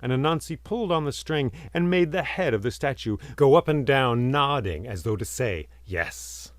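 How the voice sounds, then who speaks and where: Expressive male storyteller, dry close sound. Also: medium pitch, moderate pace, dry recording. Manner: expressive, lingers on vivid words, drops to hushed tones. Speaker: storyteller and podcast host. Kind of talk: oral storytelling.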